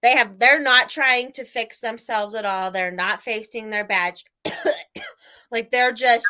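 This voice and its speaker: A woman chatting on a casual podcast, a little tipsy and rambling freely. Her voice sits a bit high and sounds bright and forceful, broken up by frequent laughs and a steady stream of "like.". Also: measured pace. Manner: rambling, laughs often, lots of "like". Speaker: podcast co-host. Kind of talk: casual chat.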